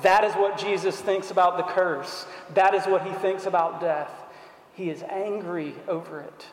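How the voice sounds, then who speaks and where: A man preaching a sermon in an earnest, deliberate way, asking rhetorical questions. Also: high-pitched, fairly even intonation. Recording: echoey hall.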